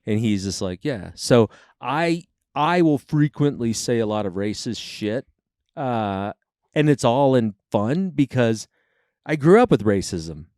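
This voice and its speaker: A man's voice: mid-range voice, unhurried, no echo, clean studio sound. A man in his forties hosting a podcast, telling stories in casual chat with swearing and acted-out quotes. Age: 40s. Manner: animated, swearing, acts out quotes. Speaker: podcast host.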